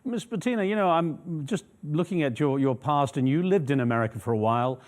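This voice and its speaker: Fast-talking male news interviewer. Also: a little high, animated. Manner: probing, measured questions.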